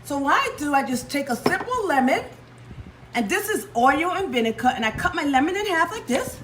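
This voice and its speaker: Chatty higher-voiced woman cooking vlogger. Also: sing-song, a little fast, fairly bright tone, slight background noise. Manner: chatty, enthusiastic, addresses viewers as everyone. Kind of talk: casual home cooking demo.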